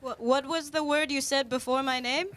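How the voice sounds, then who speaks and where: A woman's voice: high-pitched, steady tone, moderate pace, a bit bright. A woman playing a proud Norse thunder god. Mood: indignant. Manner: stiff, proud, indignant. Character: Thor, a haughty male Norse thunder god. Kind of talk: live comedy character bit.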